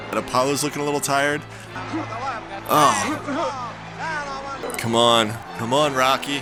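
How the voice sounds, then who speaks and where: A man hosting a movie reaction, talking casually and excitedly, often exclaiming and laughing. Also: mid-range voice, unhurried, long pauses, music in the background. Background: film soundtrack playing.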